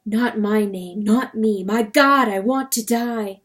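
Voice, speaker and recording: A woman's voice: on the high side, slow pace. Tormented rooster lord read by a woman, strained and weary, for a storybook reading. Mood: anguished. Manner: strained, anguished.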